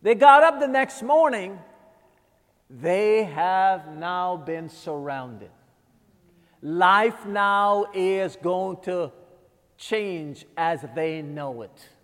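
A preacher with a high-pitched voice delivers his sermon slowly and emphatically, leaning on dramatic pauses. His words ring out with a long reverb, as if from a large church sanctuary. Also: lively intonation, fairly bright tone.

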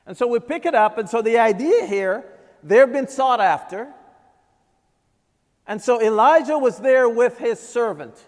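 A preacher with a high-pitched voice delivers his sermon slowly and emphatically, leaning on dramatic pauses. His words ring out with a long reverb, as if from a large church sanctuary. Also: expressive.

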